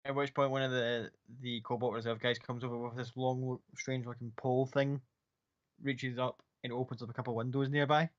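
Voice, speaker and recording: A man's voice: medium pitch, flat delivery, brisk. A man narrating a tabletop game as game master, in a casual way full of fillers and swearing. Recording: dull lo-fi sound.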